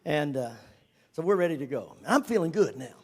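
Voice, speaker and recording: Older man, storytelling, high voice, animated, whispers for emphasis. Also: brisk. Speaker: speaker giving a testimony. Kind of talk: storytelling to a congregation.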